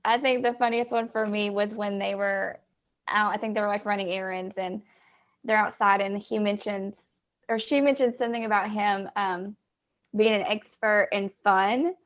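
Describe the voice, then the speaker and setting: A woman's voice: mid-range voice, normal speed, highs cut off. A young adult woman joking playfully in a casual podcast chat about a movie. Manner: playful, animated. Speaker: podcast co-host.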